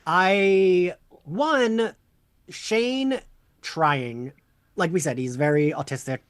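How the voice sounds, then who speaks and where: A man co-hosting a podcast in a casual chat, excitable, exclamatory and swearing freely. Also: high voice, very slow, no echo, studio quality. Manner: animated, exclamatory, swears a lot. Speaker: podcast co-host.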